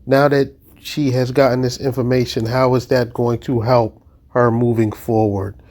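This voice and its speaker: A man's voice: medium pitch, level tone, normal speed, a little mellow. A man commentating on a video clip, exasperated and scornful. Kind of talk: reaction commentary.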